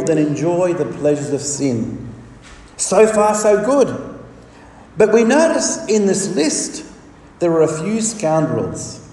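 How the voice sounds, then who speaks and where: A man preaching a sermon in an emphatic, measured way, leaning on dramatic pauses. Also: a little high, mellow, a little hiss or hum. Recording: reverberant hall, distant mic.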